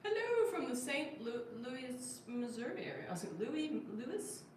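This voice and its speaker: Female livestream host, relaxed and chatty, reads comments aloud; sits back from the mic in a boomy room. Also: normal speed, slight background noise. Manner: chatty, reads viewer comments aloud and coos at her cat. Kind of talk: casual livestream chat. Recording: very echoey room, distant mic, faint ambience.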